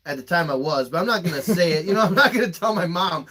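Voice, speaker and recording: A man's voice: a little high, lively intonation, fast talker, hardly any pauses, a bit bright. A young man with a slightly raised voice tells personal stories on a podcast. He talks candidly and emphatically, swears freely and gets openly emotional. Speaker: podcast host.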